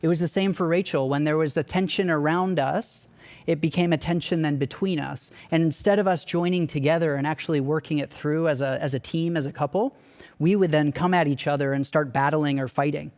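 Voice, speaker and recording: Earnest young man, slightly high voice. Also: fairly even intonation, a little fast, a little mellow. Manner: earnest, candid and conversational. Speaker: church staff speaker. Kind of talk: personal storytelling talk.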